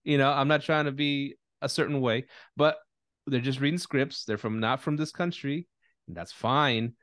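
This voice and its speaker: A man's voice: mid-range voice, normal speed, a bit bright, clear, resonant tone, no room sound, studio quality. A man hosting a podcast in casual chat, talking bluntly with lots of profanity and restarts. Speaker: podcast host.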